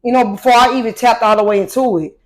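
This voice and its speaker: A woman's voice: fairly high pitch, fairly even intonation, fast talker. A woman from St. Louis, a guest emcee, chatting casually on a podcast, brash and laughing, tipsy from drinks.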